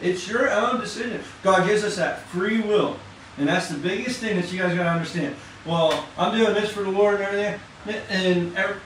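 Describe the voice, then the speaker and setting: Man, high voice, excited casual preaching, heard from far off in a very echoey church hall. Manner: excited, fast, conversational with slang. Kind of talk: informal sermon. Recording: echoey room from far off, faint noise.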